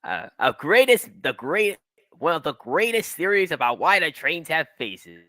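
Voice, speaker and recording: A man co-hosting a casual fan podcast, steering the chat back to the topic in an animated way. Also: fairly high pitch, moderate pace, no echo. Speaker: podcast co-host.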